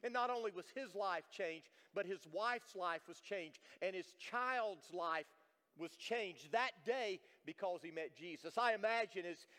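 A man's voice: high-pitched, measured pace, pushed and bright. A man preaching a sermon as pastor, earnest and repeating himself for emphasis, in a church sanctuary. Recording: long reverb of a church hall.

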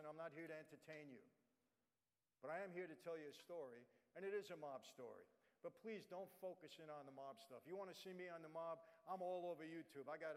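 Blunt New man preaching in a reverberant hall. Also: fairly high pitch. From New York, USA. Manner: blunt, conversational, addresses the audience directly. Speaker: guest speaker. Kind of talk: testimony sermon. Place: church. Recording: long reverb of a large hall.

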